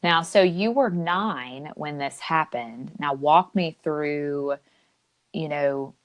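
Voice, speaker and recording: A woman hosting a faith podcast, affirming her guest often and asking gentle questions. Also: sits low, slow pace, no echo, muffled recording. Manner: warm affirming listener, frequent yeahs. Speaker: podcast host.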